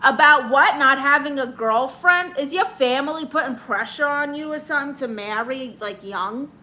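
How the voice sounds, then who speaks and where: A woman's voice: high-pitched, normal speed, bright, forceful tone, a little hiss or hum. A woman with a Brooklyn accent hosting a comic livestream. She reads viewer comments and gives blunt, sassy advice, calling people honey.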